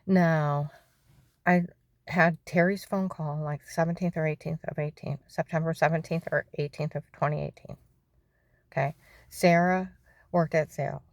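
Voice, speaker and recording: A woman's voice: deep voice, fairly even intonation, moderate pace, no room sound. A middle-aged woman telling her own story in a testimony monologue, keeps asking "okay?" and often drops into a whisper.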